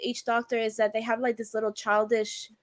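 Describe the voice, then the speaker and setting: Chatty high-voiced woman. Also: level tone, a little fast, no room sound. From not from the UK. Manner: chatty, lots of fillers, questioning. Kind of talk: casual chat.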